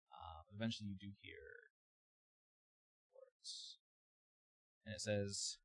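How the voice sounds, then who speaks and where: A man narrating as game master of a tabletop game, halting and thinking aloud with fillers. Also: lowish voice, steady tone, fairly bright tone, breathy edge, no room sound, poor audio.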